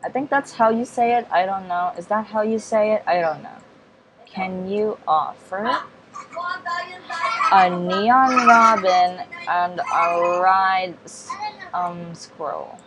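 A woman's voice: medium pitch, takes it slowly, noisy background. A woman vlogging casual game commentary, hesitant and rambling, with many fillers, restarts and polite apologies. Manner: hesitant and rambling, many ums and self-corrections; apologetic, repeats polite refusals. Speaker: gaming vlogger.

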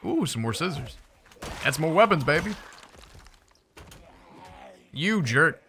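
A man's voice: on the high side, very animated, slow, bright, forceful tone, a little hiss or hum. A young man giving casual, playful commentary while playing a survival game, chatting to his viewers with jokey asides. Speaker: gaming YouTuber.

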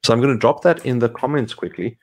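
A man's voice: medium pitch, quick pace, darkish tone. A man co-hosting a casual tech discussion from a home video call, chatty and a little apologetic. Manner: chatty, apologetic, quotes clients in voices.

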